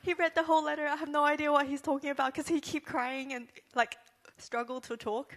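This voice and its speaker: A woman interpreting a sermon into English line by line, halting, with many fillers and self-corrections. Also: high-pitched, flat delivery.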